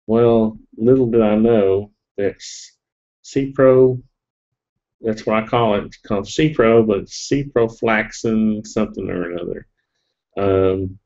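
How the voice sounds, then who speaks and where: Middle-aged man, low voice, sniffly, rambling and joking; dull lo-fi webcam sound. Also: mellow. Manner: rambling and jokey, with fillers and laughs. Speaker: live-stream vlogger. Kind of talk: casual storytelling to a live audience.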